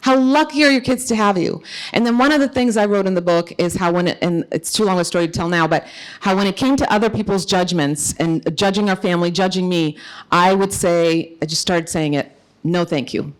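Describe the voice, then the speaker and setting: A woman's voice: on the low side, brisk, smooth. A middle-aged woman speaker answering audience questions at a conference, earnest and encouraging, her voice rising when she stresses a point. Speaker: guest speaker.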